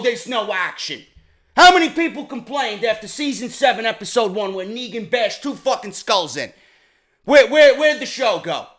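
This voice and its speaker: A vlog host delivers a profane rant. His voice sits very high and sounds bright and edgy. He swings from shouted outbursts down to low, grumbling asides. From New York. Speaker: YouTube show host. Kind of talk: ranting commentary vlog.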